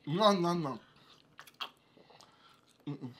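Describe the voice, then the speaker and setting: A man's voice: fairly high pitch, very slow, a bit bright, slight background noise. A man at home in a casual mukbang video, questioning his wife insistently and suspiciously. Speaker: vlogger, husband. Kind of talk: casual argument during a mukbang.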